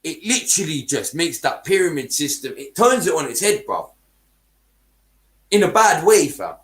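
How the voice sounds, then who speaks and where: A man's voice: a little high, big pitch swings, moderate pace, a bit bright. A man hosting a football podcast, ranting heatedly in casual chat, swearing and using heavy street slang.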